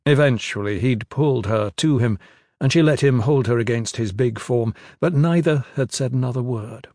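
A man narrating a fantasy novel in a measured, even storytelling manner into a close studio mic. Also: mid-range voice, no echo. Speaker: audiobook narrator.

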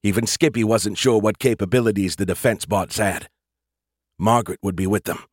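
Low-voiced male audiobook narrator. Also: steady tone, a little fast, slightly rough, no room sound, studio quality. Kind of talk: first-person scripted narration.

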